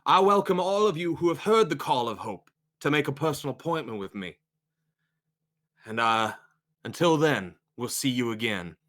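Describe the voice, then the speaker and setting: A man voicing a slick, charismatic male cult preacher, speaking in a grand, slow, oratorical way during a tabletop role-play. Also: medium pitch, expressive, fairly bright tone, lightly acted. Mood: welcoming.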